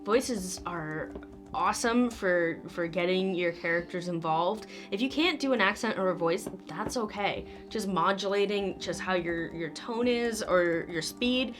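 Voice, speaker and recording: A woman's voice: mid-range voice, faint music behind. A woman co-hosting a casual chat, giving enthusiastic tips from her voice acting experience. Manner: unhurried and enthusiastic, gives tips. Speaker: co-host with voice acting background.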